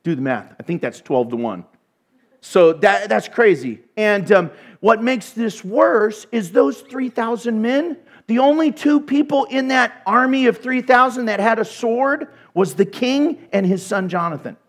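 A man preaching a sermon, retelling a story in an animated way with humorous asides. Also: high-pitched, measured pace.

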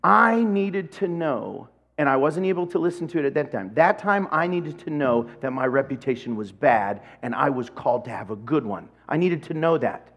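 A man's voice: a little high, expressive, moderate pace, few pauses, fairly bright tone. A man preaching a sermon as pastor, telling a personal story with animation and acting out bits of dialogue.

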